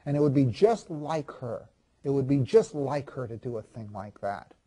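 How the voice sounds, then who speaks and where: A man playing a proud ancient king in a first-person monologue, confiding and halting, restarting and repeating his words. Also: medium pitch, lively intonation, warm tone, breathy edge. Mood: brooding. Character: proud ancient king recalling his marriage, self-justifying.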